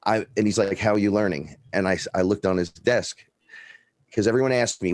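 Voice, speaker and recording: Deep-voiced new guy from the bronx, swears a lot, does all the voices in his stories, dry close sound. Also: a little fast, no room sound. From the Bronx, New York. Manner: animated storyteller, acts out quoted dialogue, swears freely. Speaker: guest. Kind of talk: casual storytelling.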